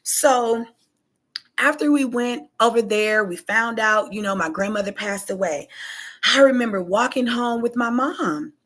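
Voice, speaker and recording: A woman hosting her own show, telling family stories in a casual, lively way and punctuating points with an emphatic "okay?". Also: fairly high pitch, measured pace. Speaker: podcast host. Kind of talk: casual personal storytelling.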